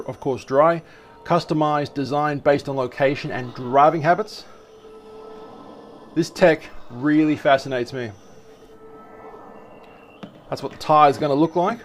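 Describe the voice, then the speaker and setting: Excitable man chatting through a video. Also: on the high side. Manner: enthusiastic, rambling, self-correcting. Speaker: video host. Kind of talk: casual commentary.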